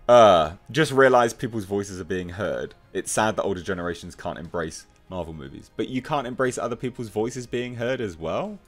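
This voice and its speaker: A man with a fairly low voice delivers opinionated commentary for an online video. He reads out comments and mocks them, emphatic and scornful. Faint music sits quietly under his voice. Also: normal speed, few pauses. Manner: mocking, emphatic, laughs at commenters. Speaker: commentary youtuber.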